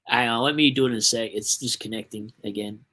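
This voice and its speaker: A man's voice: mid-range voice, steady tone, quick pace, bright, forceful tone. Chatty Australian man streaming live. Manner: chatty, rambling, reads chat aloud. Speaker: livestream host. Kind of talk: casual livestream chat.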